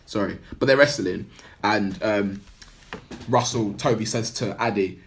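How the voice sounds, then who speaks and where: A man's voice: lowish voice, unhurried, a little hiss or hum. A man on a podcast, casually recapping a film plot in a rambling way full of "like" and "blah blah". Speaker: podcast co-host.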